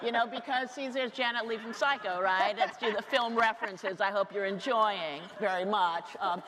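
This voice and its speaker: A woman around sixty telling comic stories on stage, fast, animated and self-mocking. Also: medium pitch, a crowd in the background. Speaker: author giving a talk. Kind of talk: comic storytelling talk on stage. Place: large lecture hall. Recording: reverberant hall with faint noise.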